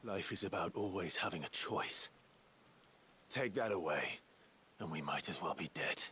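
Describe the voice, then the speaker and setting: Defiant young warrior, deep, bright-edged, lively delivery. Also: male voice, moderate pace, a little hiss or hum. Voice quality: firm and defiant. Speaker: game character.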